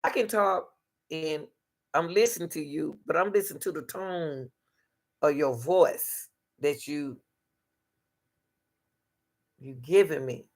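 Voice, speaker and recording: A woman's voice: sits low, takes it slowly, pauses often, a little mellow. Emphatic woman giving relationship advice. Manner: emphatic, repetitive, addresses listeners directly. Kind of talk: casual advice monologue.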